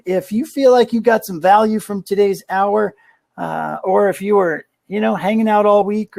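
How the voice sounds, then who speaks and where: A man's voice: high-pitched, vocal fry, a little mellow, no room sound. A man hosting a live online community show, talking casually with lots of fillers and an upbeat push. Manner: rambling, filler-heavy, upbeat. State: out of breath. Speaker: podcast host.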